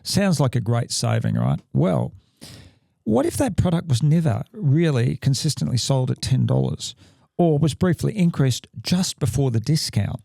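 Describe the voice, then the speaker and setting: A man with an Australian accent, co-hosting a podcast in a casual chat and talking in halting bursts full of restarts and fillers. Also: medium pitch, very animated, vocal fry, warm tone, dry recording, clean studio sound. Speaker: podcast co-host. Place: podcast studio.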